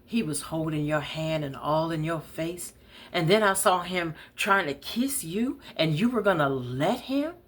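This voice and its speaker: A woman voicing a loud, blunt woman friend who scolds in a high, brassy voice. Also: expressive, measured pace. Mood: scolding.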